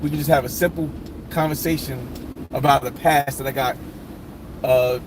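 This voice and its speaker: A man's voice: medium pitch, fairly even intonation, moderate pace, background noise. A man hosting a casual live chat, rambling with many restarts and fillers.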